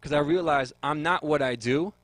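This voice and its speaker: A man's voice: on the high side, moderate pace, fairly bright tone, no room sound, low-quality recording. A young man on a radio talk show, sharing his faith testimony in an earnest way and often repeating words as he looks for them. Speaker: guest.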